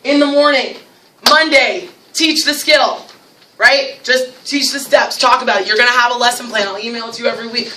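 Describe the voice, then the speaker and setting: A woman with a North Jersey accent leading a teacher training workshop, lively and acting out classroom scenes. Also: on the high side, fairly quick, noisy background. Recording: echoey room, mic from far off.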